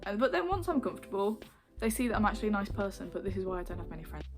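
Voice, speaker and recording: A woman's voice: medium pitch, sing-song, rapid-fire, over music. A young woman vlogging at home on camera, giggly and teasing as she chats with her mum. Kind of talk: casual chat on camera.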